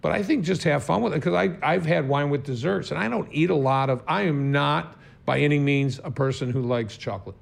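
A man's voice: fairly high pitch, brisk, vocal fry, few pauses. A man co-hosting a casual chat, joking and playful. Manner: joking, playful, laughs easily.

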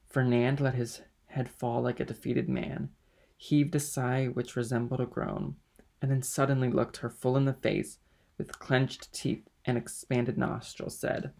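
A man reading a classic novel aloud in measured, steady narration. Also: mid-range voice, creaky. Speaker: audiobook reader. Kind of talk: audiobook narration.

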